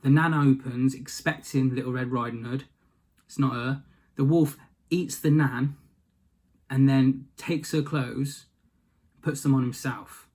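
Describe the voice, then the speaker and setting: Male storyteller, mid-pitch, casual and rambling, deadpan asides throughout. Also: a little slow, long pauses. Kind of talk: casual comic retelling of a fairy tale.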